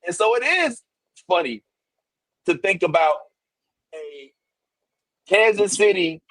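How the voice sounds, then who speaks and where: A man from Saint Louis co-hosting a podcast, telling lively stories with asides in a casual movie chat. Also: high voice, slow pace, dry recording. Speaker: podcast co-host.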